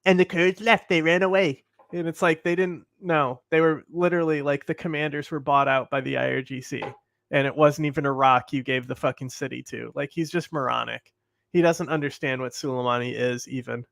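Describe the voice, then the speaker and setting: A man's voice: mid-range voice, steady tone, brisk, gravelly, a bit bright, dry recording. A man co-hosting a livestream, chatting casually about politics in a blunt, exasperated way, recorded on a close mic. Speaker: livestream co-host.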